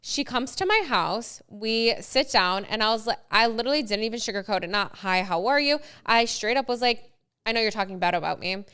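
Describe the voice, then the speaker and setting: A young woman co-hosts a podcast in a casual chat, telling her story in an animated way and acting out what people said. Her voice is bright and very clear, and "like" comes up often. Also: fairly high pitch, fairly quick. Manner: animated storytelling, acts out quotes, frequent "like". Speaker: podcast co-host.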